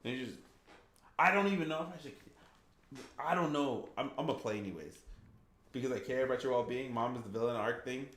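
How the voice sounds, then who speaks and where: Guy streaming a game n chatting w his viewers, roomy echo, mid pitch. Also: brisk, pauses often, a bit bright. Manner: chatty, reacts to chat with laughs. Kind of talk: casual game stream chat.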